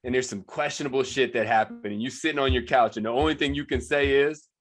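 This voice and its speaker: A male podcast host presenting his own segment, recounting a football game with mounting exasperation. His voice sits at an ordinary male pitch. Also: fast. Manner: storytelling, exasperated. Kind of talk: casual sports chat.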